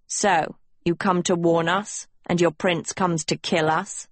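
A woman voicing a proud, guarded teenage villain girl in an audiobook, with a low, quiet, measured delivery. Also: steady tone, dry recording. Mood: grim. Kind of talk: audiobook character voice.

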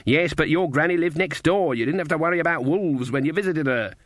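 A man's voice: on the high side, a little fast, fairly bright tone, no echo, clean studio sound, pitched above the performer's own voice, close to an everyday voice. A man voicing a stern, commanding old witch woman in an audiobook. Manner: curt, commanding. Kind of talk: audiobook character voice.

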